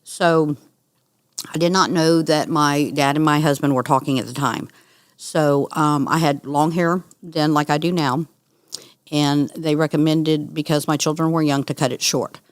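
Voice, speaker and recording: A middle-aged woman, a guest on an interview, telling her story in an earnest, animated way. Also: low-pitched, unhurried, dry recording, clean studio sound. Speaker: guest, cancer survivor. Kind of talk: conversational interview.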